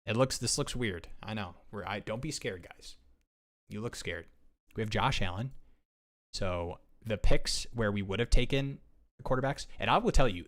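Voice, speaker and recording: A young man with a lowish voice talks through a fantasy football draft on a live stream. He is excitable and rambling, and often trips over his own words and restarts his sentences. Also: normal speed. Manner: excitable, rambling, self-interrupting. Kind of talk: casual live-stream chat.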